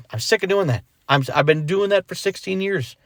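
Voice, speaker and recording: A young man talking through his retirement from rap in a casual vlog, animated and emphatic, repeating himself and acting out quick thoughts. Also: high voice, dry recording, studio quality. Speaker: rapper explaining his retirement.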